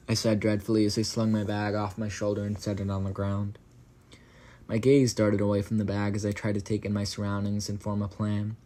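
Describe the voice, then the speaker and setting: A man's voice: on the low side, monotone, fairly quick, mellow. A man reading a first-person horror story aloud, stumbling over words, correcting himself, and breaking off for casual profane asides to the listener.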